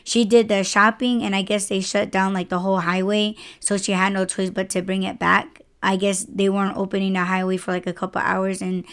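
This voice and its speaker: Woman podcast host, delivery driver, casual profane rant, smooth clear voice. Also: mid-range voice, a little fast, few pauses. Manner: profane, exasperated, animated retelling.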